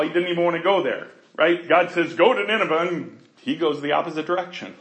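A man preaching a sermon in an animated, conversational way, often laughing and acting out voices. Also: on the high side, reverberant. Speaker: pastor.

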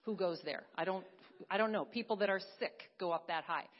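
A woman giving an earnest sermon testimony, swinging from hushed to emphatic. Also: lowish voice, fairly quick, highs cut off. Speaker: preacher.

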